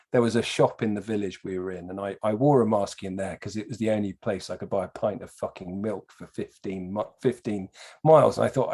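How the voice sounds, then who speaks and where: Swearing, animated storyteller man. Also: fairly low pitch, a little fast, husky. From England. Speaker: podcast guest. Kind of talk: casual podcast chat.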